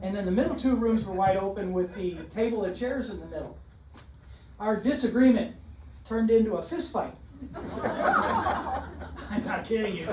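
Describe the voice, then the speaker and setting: A man's voice: high voice, expressive, unhurried, pauses often. A man in his seventies, a retired teacher and coach, giving a joking but emotional dedication speech in a large school gym. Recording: echoey gym, distant mic, background noise.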